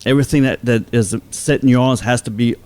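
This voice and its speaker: A man from South Louisiana co-hosting a fan podcast in casual chat, animated and climbing in pitch as he makes his points. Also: quick pace. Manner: animated, rising in pitch when making a point. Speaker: podcast co-host.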